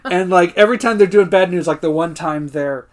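A man co-hosting a casual podcast chat, telling stories in an animated way, acting out quotes and laughing often. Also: high voice, fairly quick. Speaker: podcast co-host.

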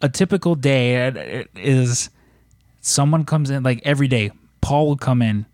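Halting man in a dry close recording. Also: mid-range voice, expressive, a little mellow, no echo. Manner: hesitant, lots of "like" and restarts. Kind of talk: casual chat.

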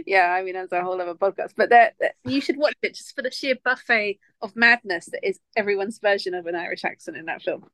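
A woman co-hosting a podcast in casual chat, animated and playful, laughing a lot. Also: medium pitch, fairly quick, dry recording. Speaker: podcast co-host.

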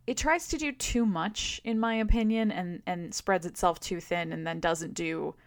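A woman's voice: on the low side, normal speed, no echo. A woman co-hosting a podcast, giving hedged, thoughtful opinions in casual chat. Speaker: podcast co-host.

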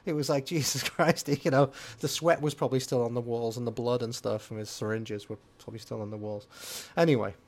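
A man's voice: medium pitch, fairly even intonation, fairly quick, hardly any pauses, darkish tone. An older man co-hosting a podcast, chatting casually and rambling with lots of fillers. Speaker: podcast co-host. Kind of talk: casual chat about music.

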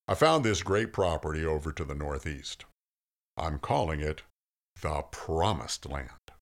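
A man puts on a gruff, wisecracking male God who barks orders like a blunt boss in a comic storybook tale. The voice sits low and gravelly, with plenty of rise and fall. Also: heavily acted. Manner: brash, commanding, slangy.

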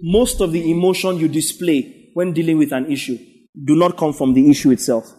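Husky high-voiced pastor preaching. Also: male voice, steady tone, fairly quick, mellow. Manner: emphatic, repetitive exhortation with frequent "yeah?" to the congregation. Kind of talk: sermon.

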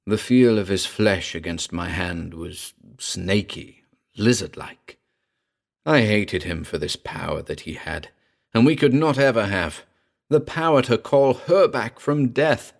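Slow, gravelly male storyteller. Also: deep voice. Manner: measured, dramatic storytelling. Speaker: narrator. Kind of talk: scripted audiobook narration.

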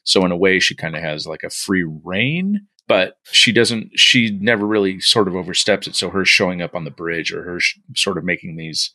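A man's voice: low voice, normal speed, few pauses, bright, forceful tone, no room sound. A man in a casual podcast chat who hedges with many fillers as he explains.

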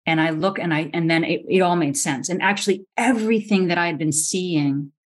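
A middle-aged woman physician, a podcast guest, telling a story with lively energy and acting out the voices she quotes, often restarting her sentences. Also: on the low side, brisk. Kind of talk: animated storytelling in a podcast interview.

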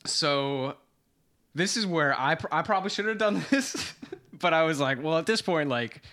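Young male co-host, bright high-ish voice, animated casual storyteller. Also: normal speed. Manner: animated, swearing, laughs mid-story. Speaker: podcast co-host.

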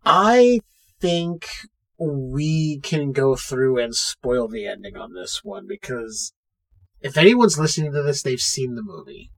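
Speaking slowly at a medium pitch, a podcast co-host casually goes over a movie. He tells it in an animated way, playing out lines from the scenes as he goes.

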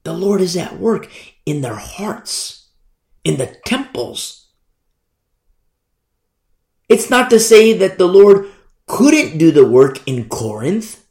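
A man preaching a Bible sermon in an animated way, acting out quoted voices and stumbling over words. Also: sits high, slow, creaky, long pauses, echoey room.

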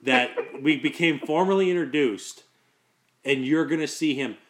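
A man's voice: fairly high pitch, measured pace. A man in casual podcast banter, teasing and joking with his friends.

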